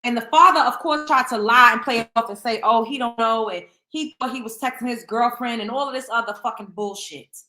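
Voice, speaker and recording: A woman host reads text messages aloud and reacts in a blunt, profane, exasperated way. Her voice is bright and pitched a little high, and it rings in an echoey room. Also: fairly quick, hardly any pauses. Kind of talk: commentary reading text messages.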